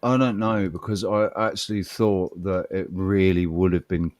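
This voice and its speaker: Low-voiced man, rambling chat. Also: steady tone, moderate pace, a little mellow, no room sound. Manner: rambling, swears freely, repeats words. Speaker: podcast co-host. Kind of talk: casual chat.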